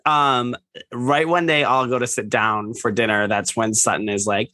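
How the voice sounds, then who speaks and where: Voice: mid-range voice, moderate pace, pushed and bright, no room sound. A speaker in casual chat, hesitant and full of fillers. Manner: hesitant, filler-heavy, giggly.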